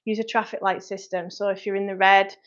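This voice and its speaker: A woman's voice: medium pitch, flat delivery. A woman, a personal trainer answering viewer questions on a live stream in a frank, chatty way. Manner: frank, chatty, quick asides to commenters. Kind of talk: livestream Q&A, reading viewer comments. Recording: dull lo-fi livestream audio.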